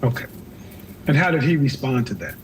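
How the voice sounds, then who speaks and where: A man's voice: mid-range voice, very animated, fairly quick, a little hiss or hum. A man hosting a live call-in advice show, blunt and lecturing, cutting callers off.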